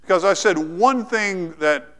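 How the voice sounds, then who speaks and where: A man preaching a sermon, telling the story dramatically and swinging from lively to hushed. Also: sits high, unhurried. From United States.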